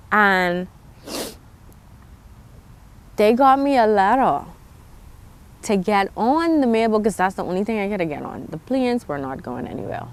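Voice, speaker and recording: A young woman with a Bahamian accent talks straight to her viewers, telling her own story in a loose, candid way. She restarts sentences and breaks off to address the audience. Her voice sits in a middle pitch. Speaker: vlogger. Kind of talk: personal storytelling to camera.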